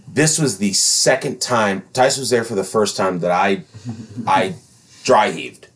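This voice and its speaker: A man telling a crude story in casual chat, swearing often and jumping to loud outbursts. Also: on the low side, unhurried. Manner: profane, animated storytelling with sudden loud outbursts. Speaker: podcast co-host, caregiver.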